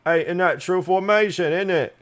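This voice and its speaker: A man putting on a crude, mouthy British bloke with a mock-illiterate slangy British accent, pitched well above his own voice. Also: brisk, close to an everyday voice. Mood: cheeky. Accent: put-on British.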